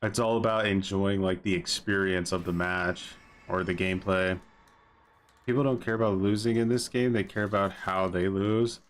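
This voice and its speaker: A relaxed young man with a fairly low voice, talking through a live game stream. He rambles casually with lots of fillers and small laughs. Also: normal speed. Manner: laid-back, chatty, many fillers. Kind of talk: casual livestream commentary.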